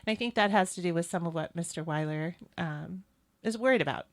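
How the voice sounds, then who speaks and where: A woman's voice: on the low side, a little fast. Earnest, opinionated talk show host woman. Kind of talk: political talk show discussion.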